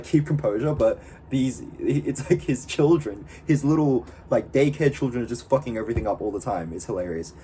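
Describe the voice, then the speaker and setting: A man vlogging in a casual, excitable way, slangy and profane, with lots of fillers. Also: medium pitch, slight background noise. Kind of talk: casual talk to camera.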